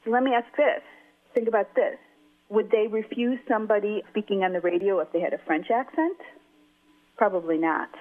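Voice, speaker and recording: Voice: mid-range voice, fairly quick. Assertive expert voice on a tinny line. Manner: assertive, argumentative. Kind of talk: opinionated interview talk. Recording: phone-like narrow band.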